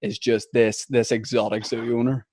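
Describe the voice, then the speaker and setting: A man's voice: mid-range voice, flat delivery, normal speed, a little mellow, no echo, clean studio sound. A man hosting a podcast, asking joking, teasing questions in casual chat. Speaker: podcast host.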